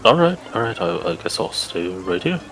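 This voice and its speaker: Cowok suara berat, main rpg santai sambil bercanda. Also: male voice, low voice, sing-song, normal speed, a bit bright, faint music behind. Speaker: player. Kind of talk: tabletop role-play.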